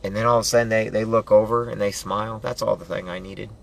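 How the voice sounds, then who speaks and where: A man giving a loud, preachy motivational pep talk, hammering home rallying commands and building up to yelling. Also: on the low side, steady tone, fast talker, gravelly. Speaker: motivational vlogger.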